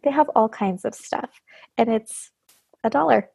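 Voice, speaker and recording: A woman in her thirties hosts a podcast in relaxed, bubbly chat, laughing often and peppering her talk with "like." Her voice has a gravelly fry and a husky edge. The sound is dry and close. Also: a little high, unhurried, no echo. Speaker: podcast host. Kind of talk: casual chat.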